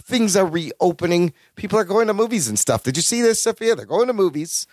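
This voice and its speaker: A man with a somewhat raised voice recaps a sitcom episode for his podcast, animated and quick to act out the characters' lines. The sound is dry and close to the mic. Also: high voice, no room sound. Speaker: podcast co-host. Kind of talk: casual chat recapping a sitcom.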